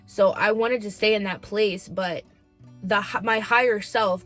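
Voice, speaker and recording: A woman's voice: medium pitch, steady tone, moderate pace, soft background music. Candid young woman telling a personal story. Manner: emotional, candid, heavy use of "like". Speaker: podcast host. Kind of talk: personal confessional vlog.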